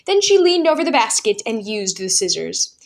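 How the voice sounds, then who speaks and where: A woman narrating a children's book aloud as a storyteller, calm and even. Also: fairly high pitch, normal speed, creaky.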